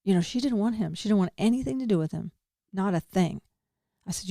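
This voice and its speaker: Over clean studio sound without any room sound, a podcast host delivers a personal monologue in a lowish, dark voice at a moderate pace. She's candid and rambling, swinging between laughter and grief, and swears casually.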